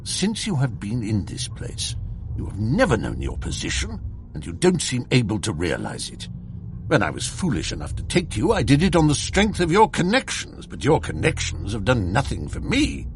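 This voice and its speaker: A man's voice: medium pitch, huge pitch swings, moderate pace, slight background noise. Man reading as a scolding, pompous old employer. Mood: angry. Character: stern irritable older male employer.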